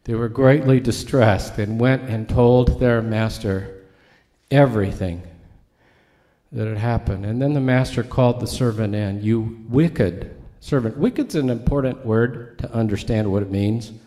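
Mellow-voiced male pastor preaching. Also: mid-range voice, measured pace. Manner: conversational teaching, asides to the congregation. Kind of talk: sermon.

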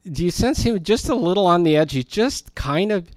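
A man's voice: high voice, lively intonation, normal speed, darkish tone, no room sound. A man teaching the Bible verse by verse in a conversational, emphatic way, often turning aside to talk to his class.

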